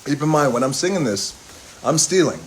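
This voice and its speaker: A middle-aged man from Hawaii telling a long personal story in a relaxed, rambling way on a phone live stream, stopping for toasts and asides. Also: mid-range voice, brisk, slight background noise.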